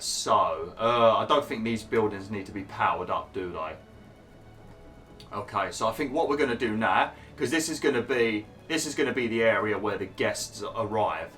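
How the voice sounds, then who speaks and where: A man hosting a gaming channel, explaining a park-building game step by step with lots of fillers while his voice is going hoarse. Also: fairly low pitch, fairly bright tone. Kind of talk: casual gameplay commentary.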